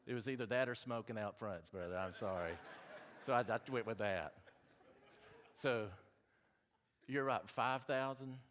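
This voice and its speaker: A man with a Southern accent preaching a sermon, reading scripture and making folksy, animated asides to the congregation. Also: medium pitch, measured pace, pauses often, slight background noise.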